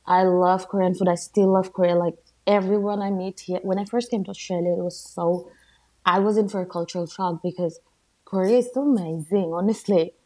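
A woman in her thirties from Bangladesh, a podcast guest chatting casually, animated and laughing often. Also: on the low side, a little fast. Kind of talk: casual conversation.

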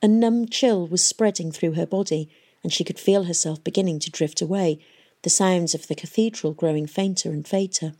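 A woman reading an audiobook in a measured, even storytelling manner. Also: on the low side. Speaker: audiobook narrator. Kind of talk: scripted audiobook narration.

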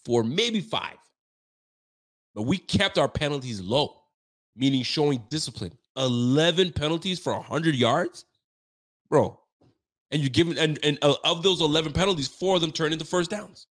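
A man's voice: fairly high pitch, moderate pace, a bit bright. A young man hosting a sports podcast, giving a frustrated, slangy postgame rant that keeps repeating its points.

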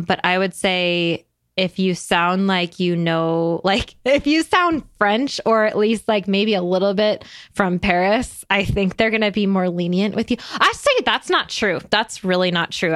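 A woman hosting a podcast in casual conversation, chatty and animated, with lots of fillers and frequent laughs. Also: medium pitch, moderate pace, no echo. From United States. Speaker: podcast host.

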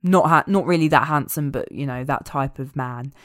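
A woman chatting casually as a podcast co-host, animated and amused as she recaps a film. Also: very deep voice, normal speed, no room sound, studio quality. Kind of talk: casual chat.

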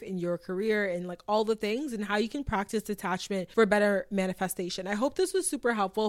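A young woman hosting a podcast in a casual, upbeat monologue, talking straight to her listeners and saying "like" often. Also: mid-range voice. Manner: chatty and upbeat, fond of filler "like"; encouraging, addresses listeners directly. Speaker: podcast host.

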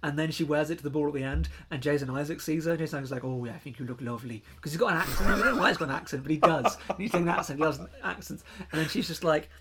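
A man's voice: on the high side, racing, few pauses, a bit bright, a little hiss or hum. A man co-hosting a film podcast, chatting casually in a rambling, playful way and feeling lethargic from covid. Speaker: podcast co-host.

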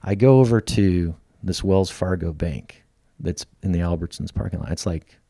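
A middle-aged man, a podcast guest, telling a personal story in a lively way and acting out the lines of the people in it. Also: low-pitched, moderate pace, gravelly, no echo, clean studio sound. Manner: lively storyteller who acts out quoted lines. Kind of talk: storytelling in casual conversation.

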